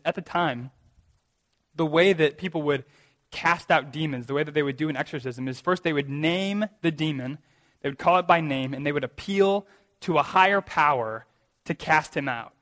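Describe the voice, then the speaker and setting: His voice slightly high and fairly bright, a pastor gives a sermon in an echoing hall. He preaches earnestly and emphatically, leaning on rhetorical questions.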